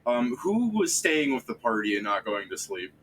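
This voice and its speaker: A man's voice: mid-range voice, big pitch swings, normal speed, a bit bright, slight background noise, low-quality recording. Rambling, profane male game master. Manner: rambling, profane, full of fillers. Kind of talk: running a tabletop game stream, casual chat.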